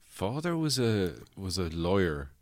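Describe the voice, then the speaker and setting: A man's voice: sits low, very animated, unhurried, no room sound, clean studio sound. A man hosting a casual comedy podcast chat, rambling and laughing often. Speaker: podcast host. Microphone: studio microphone.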